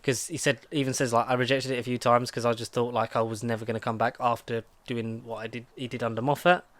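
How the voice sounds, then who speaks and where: A man's voice: medium pitch, level tone, fast talker, a bit bright, no echo. Guy chatting on a podcast, rambly, lots of um and like, dry close sound. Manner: rambling, many fillers and restarts. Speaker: podcast co-host. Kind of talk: casual chat.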